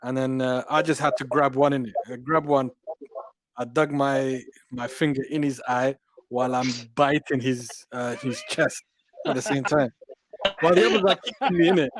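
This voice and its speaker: A man's voice: medium pitch, moderate pace, a little hiss or hum. A young man telling a story animatedly in casual chat. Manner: animated storytelling with many yeahs.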